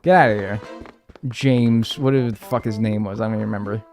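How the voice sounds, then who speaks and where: A man with a low-leaning voice talks fairly quickly while streaming a video game, chatting casually and profanely. He rambles through stories, telling them animatedly with mimicked voices, and faint music plays behind him.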